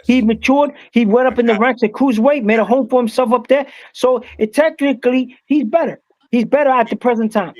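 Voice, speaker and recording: A man's voice: very high voice, brisk, no echo. A man on a boxing talk panel, arguing his point insistently and repeating himself, often tacking on "bro.". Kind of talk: heated panel debate.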